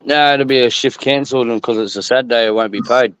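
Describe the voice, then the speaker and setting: A man's voice: medium pitch, fast talker, fairly bright tone, smooth. An Australian man hosting a casual live stream, tired and grumbling about work with blunt, heavy swearing. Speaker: stream host. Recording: muffled lo-fi audio.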